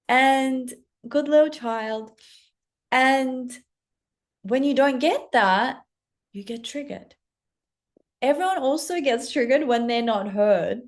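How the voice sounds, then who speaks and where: A young woman speaking as a spiritual coach in a soft, earnest monologue with playful asides. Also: a little high. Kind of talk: casual monologue to camera.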